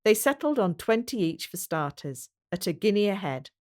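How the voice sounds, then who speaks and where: A woman reading a historical novel aloud as audiobook narrator, measured and even. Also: mid-range voice. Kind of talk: storybook narration.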